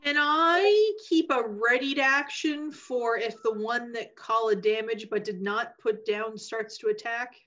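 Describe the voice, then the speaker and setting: A woman player in a tabletop game, agreeing quickly and cheerfully. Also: fairly high pitch, fairly bright tone. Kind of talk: casual tabletop game play. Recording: dull lo-fi mic.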